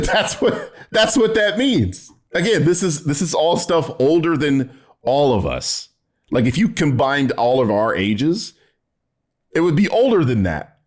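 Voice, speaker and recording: A man reacting to a video, sarcastic and exasperated, swearing often and laughing in disbelief. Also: mid-range voice. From United States. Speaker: commentary youtuber reacting to a video. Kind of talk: reaction commentary, casual and profane.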